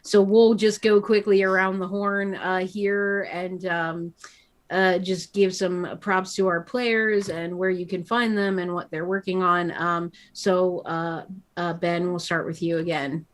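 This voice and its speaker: A woman's voice: fairly low pitch, flat delivery, a little slow. A woman narrating a tabletop game as game master, rambling with lots of fillers.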